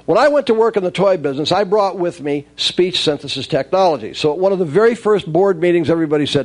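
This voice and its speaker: A man telling wry, lively stories from his career in the toy business, acting out the dialogue as he goes. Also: on the high side, quick pace, few pauses. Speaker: speaker recounting his toy industry career. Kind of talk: anecdotal storytelling talk.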